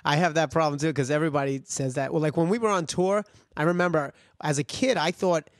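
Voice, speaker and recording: A man's voice: a little high, dry recording, studio quality. A man with a New York accent hosting a casual interview chat, eager and talkative. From Brooklyn, US. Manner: chatty, eager, quick back-and-forth with laughs. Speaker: podcast host.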